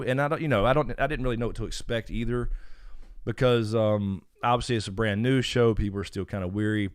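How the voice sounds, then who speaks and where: A man's voice: medium pitch, clean tone, dry recording, clean studio sound. A man hosting a casual live stream Q&A, rambling with frequent fillers as he greets chat names. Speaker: YouTube channel host. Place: home.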